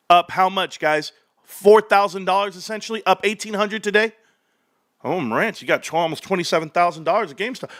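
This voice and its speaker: Energetic male streamer, 30s, rambling and animated, bright tense tone. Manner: hyped, rambling, loud swings, laughs often; lower storytelling mode. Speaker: stock livestream host. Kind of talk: excited livestream ranting.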